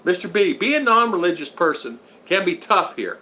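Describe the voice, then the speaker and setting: An older man chats on his livestream, answering viewers in a loose, rambling and folksy manner with plenty of jokes. His voice sits a bit high for a man and has a bright, forceful edge. A faint hum of room sound runs underneath. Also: very animated, moderate pace, rough recording. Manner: rambling and folksy, joking, repeats phrases. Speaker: channel host. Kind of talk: casual livestream chat reading viewer comments.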